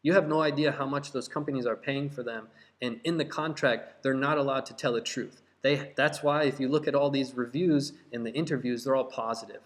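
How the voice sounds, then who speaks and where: A fired-up man speaks straight to camera as the host of his own crypto channel. He hammers his points home and repeats them for emphasis, and his voice sits at an ordinary middle pitch. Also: fairly even intonation, normal speed. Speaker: crypto YouTube host and course seller. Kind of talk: direct-to-camera vlog talk.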